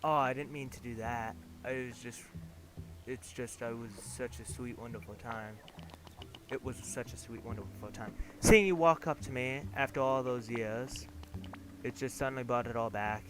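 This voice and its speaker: A man voicing a tearful older woman in a video game, speaking softly and haltingly, with game music behind. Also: medium pitch, noisy background, lightly acted. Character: weepy older woman, mother's old friend.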